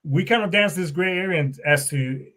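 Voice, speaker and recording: A middle-aged American man hosting a podcast, telling stories in a profane, animated way and acting out both sides of conversations. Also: high-pitched, normal speed. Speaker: podcast host. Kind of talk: casual storytelling monologue.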